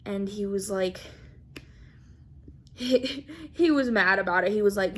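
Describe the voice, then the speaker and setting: A young woman vlogger telling a story in a casual, animated way, acting out quotes and laughing often. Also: mid-range voice, slow pace, long pauses. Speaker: craft vlogger.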